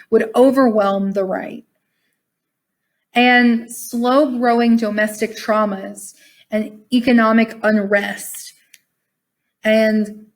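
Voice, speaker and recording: A woman teacher, reading a text aloud and explaining it casually to her online class over a video call, sounding tired. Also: on the high side. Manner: casual, chatty, calls class "y'all".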